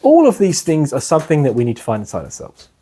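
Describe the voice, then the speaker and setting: A man's voice: on the high side, wildly swooping pitch, fast talker, mellow, breathy edge. Chatty man teaching a class. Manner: chatty and rambling, with frequent "you know" and laughs. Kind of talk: casual spoken lecture to a class.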